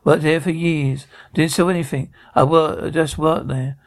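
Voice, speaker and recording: A desperate laid-off factory worker pleads his case in a dubbed TV drama, bitter and aggrieved, as a man acts him out. His voice sits a touch high and has a gravelly edge. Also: steady tone, moderate pace, lightly acted.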